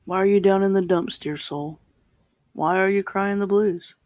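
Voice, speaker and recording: A man leading a service as pastor, reading a psalm slowly and deliberately and then reflecting on it in a sermon. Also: high voice, fairly even intonation, darkish tone, no echo. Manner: slow, deliberate reading with pauses and restarts.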